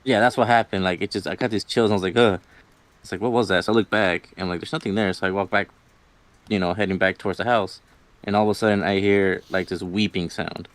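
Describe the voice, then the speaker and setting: A man with a lowish voice tells a spooky story from his own life. His delivery is loose and rambling, packed with filler words, and he acts out what he said back then. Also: fairly even intonation, fast, fairly bright tone, no room sound. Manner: rambling, lots of "like" and "you know", quotes himself. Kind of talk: casual spoken storytelling.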